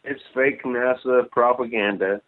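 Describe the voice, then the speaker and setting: A man calling in to a radio show, speaking in a hesitant, halting way with restarts. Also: mid-range voice, steady tone. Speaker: caller. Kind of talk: call-in phone conversation. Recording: tinny phone line.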